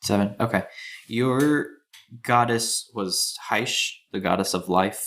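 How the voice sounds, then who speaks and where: A man running a tabletop game as game master, narrating scenes in a relaxed, descriptive way. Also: deep voice, vocal fry.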